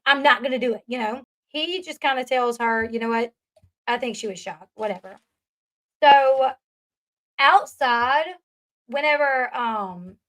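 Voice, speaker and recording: A woman's voice: high voice, a bit bright. A woman giving a casual, chatty recap commentary, full of fillers and asides. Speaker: commentary vlogger.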